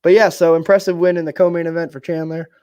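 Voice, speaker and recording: A man's voice: fairly high pitch, little pitch movement, fast talker, darkish tone, smooth. A young man co-hosting a casual podcast, chatting loosely about fights in a rambling, offhand way and swearing now and then. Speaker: podcast co-host. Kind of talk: casual fight-talk chat.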